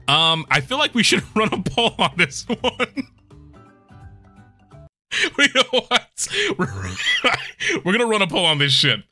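A male game streamer whose voice leaps wildly in pitch as he laughs and swears through the commentary. His tone is very bright and forceful, with faint game music behind him. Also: unhurried. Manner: excitable, laughing, profane. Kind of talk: casual live-stream commentary.

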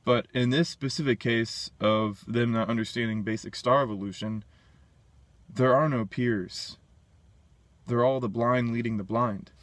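A man's voice: mid-range voice, steady tone, measured pace, no echo. A man talking alone in a casual monologue, blunt and dismissive, thinking aloud and restarting his sentences. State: burping. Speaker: independent science commentator.

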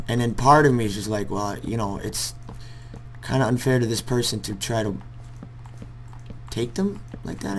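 A young man vlogging over gameplay at his computer, talking in a rambling, hesitant way and bursting into loud cursing now and then. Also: on the low side, a little hiss or hum. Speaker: gaming vlogger. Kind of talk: casual heartfelt talk over gameplay.

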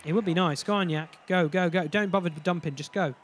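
A man's voice: sits high, brisk, a little hiss or hum. A young man narrating his hockey video game, ranting and swearing in frustration at his teammates. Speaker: gaming channel host. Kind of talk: gameplay commentary.

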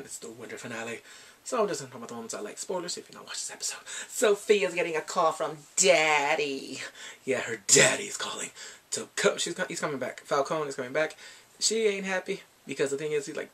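Man, casual episode recap, slightly high voice, animated, playful character voices. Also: a little fast, breathy edge. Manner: animated, bursts into shouts and playful quoted voices. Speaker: TV episode reviewer.

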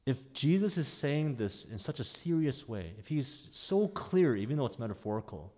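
A man preaching a sermon as pastor, in a conversational, animated way. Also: medium pitch, moderate pace, long reverb tail. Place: church sanctuary.

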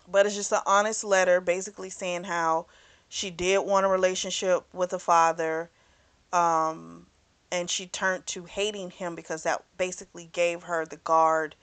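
A woman's voice: lowish voice, little pitch movement, measured pace, a bit bright. Woman book club host retelling a story, lots of "she's like", swears a little. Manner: chatty storytelling, acting out the characters' lines with "she's like"; swears freely. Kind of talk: casual plot recap of a novel.

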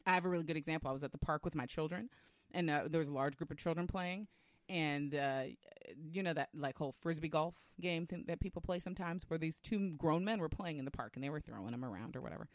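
A woman co-hosting a podcast, telling a story in a lively, assertive way in casual conversation. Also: deep voice, quick pace, dry recording, studio quality. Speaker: podcast co-host.

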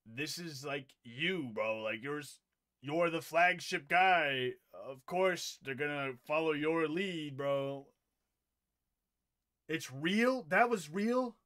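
A man's voice: a little high, takes it slowly, fairly bright tone. A young man reacting to clips, profane and incredulous, laughing in disbelief as he rants. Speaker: commentary streamer. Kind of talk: reaction commentary.

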